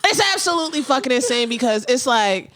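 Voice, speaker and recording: High-voiced woman ranting with profane humor. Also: lively intonation, fast, slight background noise. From United States. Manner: loud, profane, laughing through rants. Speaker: podcast co-host. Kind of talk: casual comedic rant.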